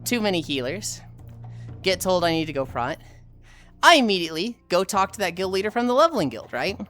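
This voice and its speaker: Low-voiced woman telling a lively story. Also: fairly quick, faint music behind. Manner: animated, profane, acts out voices. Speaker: streamer. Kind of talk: casual storytelling.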